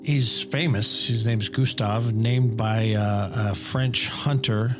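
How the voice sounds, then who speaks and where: Man, middle-aged, casual podcast storytelling, swears a lot, animated, soft music behind. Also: on the low side, slow pace. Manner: profane, rambling, animated storyteller. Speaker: podcast guest, father.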